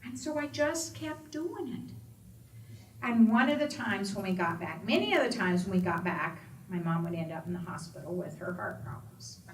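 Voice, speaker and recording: A woman's voice: mid-range voice, normal speed, a little hiss or hum. A middle-aged woman, an Alzheimer's advocate, telling a personal story to an audience and voicing the people in it. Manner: expressive storyteller, quoting others in raised voices. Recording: echoey room from far off, faint ambience.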